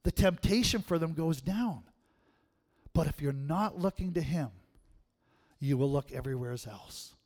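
A man preaching with animated energy, his voice a little higher than most men's. He swings between loud punchy bursts and quiet asides, laughing as he tells stories. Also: unhurried, long pauses. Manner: animated storytelling, laughs often. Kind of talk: sermon.

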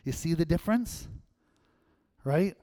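Aussie pastor guy preaching, tells stories, acts out voices, gets loud then real quiet, slightly high voice. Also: measured pace. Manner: animated storyteller, acts out quotes, swings from loud to hushed. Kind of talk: sermon. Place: church.

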